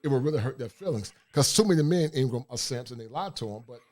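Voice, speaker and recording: A man's voice: mid-range voice, expressive, fast, darkish tone. Blunt streetwise man hosting a stream. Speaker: livestream host. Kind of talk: casual livestream talk.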